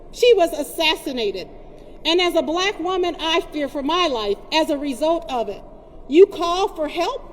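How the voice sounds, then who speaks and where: A woman speaks at a protest rally with an impassioned, storytelling delivery. Her voice sits high for a woman. The sound carries a long reverb tail with faint background ambience. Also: a little hiss or hum. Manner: impassioned, storytelling address to a crowd. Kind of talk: protest speech.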